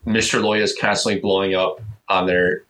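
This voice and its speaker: A young man hosting a casual podcast chat, rambling and animated, often mimicking other people in high voices. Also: normal speed, poor audio. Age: young adult. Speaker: podcast host.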